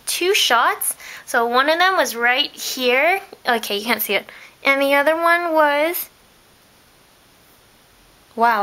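A young woman chatting excitably in a casual vlog, telling stories as she opens her mail indoors. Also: high-pitched. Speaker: vlogger. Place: indoors in a room.

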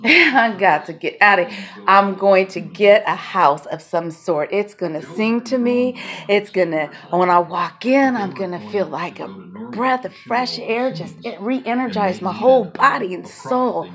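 A woman's voice: mid-range voice, animated, unhurried, a bit bright. A woman vlogger talking to camera in a loose, rambling way, laughing often and swearing freely. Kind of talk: casual rambling monologue to camera.

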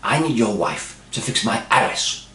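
A man's voice: mid-range voice, animated, moderate pace, sharp tone. Curt, literal middle-aged dad as a man puts him on, in a roomy space with faint hum. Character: blunt middle-aged father of a teenager.

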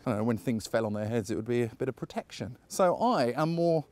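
A man's voice: medium pitch, lively intonation, quick pace, darkish tone, no room sound. A man chatting casually as he leads a walking tour outdoors, full of anecdotes and frequent chuckles. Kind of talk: casual guided walk narration. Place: outdoors on a park walk.

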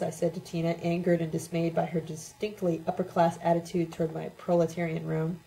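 A woman reading a novel aloud in the first person, steady and even. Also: fairly low pitch, brisk, hardly any pauses, low-quality recording. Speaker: audiobook reader.

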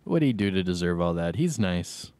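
A man's voice: low voice, lively intonation, a little fast, darkish tone, clean tone, no echo. A man streaming a shooter game, chatting casually and answering his viewers' comments as he plays. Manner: chatty, laid-back, reads and answers chat.

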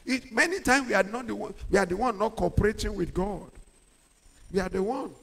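A man's voice: high-pitched, brisk, gravelly, breathy edge. Man, pastor preaching, call-and-response, ringing church-hall reverb. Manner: call-and-response preaching, swings from quiet to shouting. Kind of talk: sermon.

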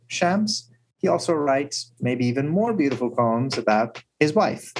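A man with a husky voice, a guest speaker telling stories and often asking "right?". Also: fairly high pitch, poor audio. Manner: animated storyteller who often asks "right?". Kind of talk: storytelling talk.

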